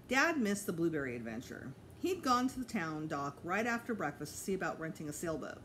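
A teacher reading a children's chapter book aloud in an expressive storytelling manner. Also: female voice, lowish voice, fairly quick, hardly any pauses, slight background noise. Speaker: elementary school teacher.

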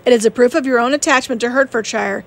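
A woman reading as a proud, terse gentleman. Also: a little high, fast talker, vocal fry. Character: proud reserved young gentleman. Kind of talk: audiobook reading.

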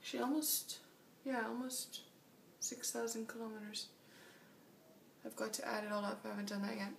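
A woman's voice: a little high, fairly even intonation, moderate pace, creaky, distant mic, slight background noise. Tired woman vlogging from a motel room. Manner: chatty, laughing often. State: tired after a long flight. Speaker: long-distance cyclist vlogging. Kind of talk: casual video diary.

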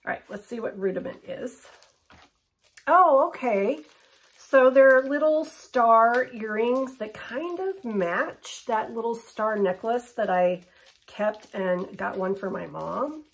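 Chatty woman with a gravelly edge. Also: fairly high pitch, animated, slow pace. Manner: chatty, upbeat, drops to a near whisper for close-ups. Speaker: shopping haul vlogger. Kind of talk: casual chat unboxing and try-on.

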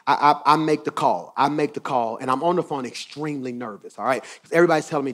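A male pastor preaching a sermon, swinging from quiet asides to shouted emphasis and repeating phrases for effect. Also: fairly high pitch, fast, hardly any pauses.

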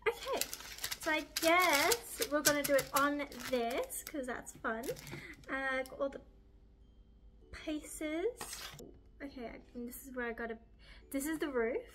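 A young woman vlogging in a chatty, excitable, gushing way as she assembles a baking project. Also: high voice, unhurried, long pauses, background noise. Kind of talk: casual baking vlog.

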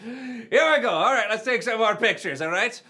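Brag-happy Scottish rapper: very high, lively, gravelly, put-on Scottish accent, for a kids' church skit. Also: male voice, exaggerated voice. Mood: cheerful. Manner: boastful, flustered, quick to laugh. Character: boastful self-styled Scottish rapper man, excitable. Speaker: skit character.

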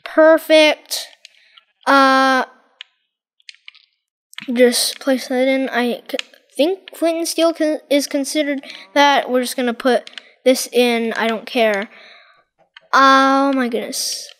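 A woman giving excitable, dramatic commentary over her Minecraft gameplay, exclaiming and repeating herself. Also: high voice. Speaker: gaming channel host.

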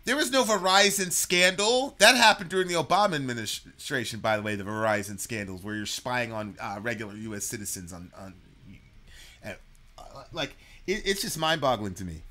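A male co-host of a reaction podcast launches into an animated, casual political rant, full of swearing and stumbles over repeated words. He speaks fairly quickly in a mid-range voice that is bright and forceful.

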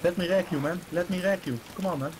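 A man's voice: high-pitched, fast, noisy background. A man with a Dutch accent, a stranger in an online game, pleading and nervous over voice chat.

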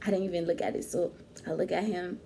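A young woman telling a story in casual chat, animated and slangy, laughing often. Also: fairly low pitch, fast talker, a little hiss or hum. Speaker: vlog host.

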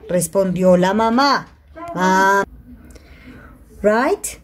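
A woman with a medium-pitched voice, lively intonation and drawn-out words teaches an online English grammar class over a computer mic on a video call. A native Spanish speaker with a Spanish accent, she reads example sentences aloud and switches into Spanish to explain.

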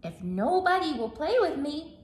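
A woman's voice: high-pitched, very animated, normal speed, a little mellow. A woman voicing a playful, restless little boy hippo in a storybook, in an echoey room. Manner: eager, bouncy.

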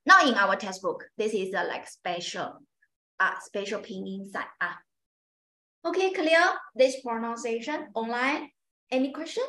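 Woman, Chinese tutor online, fairly high voice, unhurried, repeats every sound. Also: sharp tone, reverberant, poor audio. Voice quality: non-native English, simple phrasing. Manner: patient, repeats sounds slowly for students. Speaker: Chinese language teacher. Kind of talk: online pronunciation lesson.

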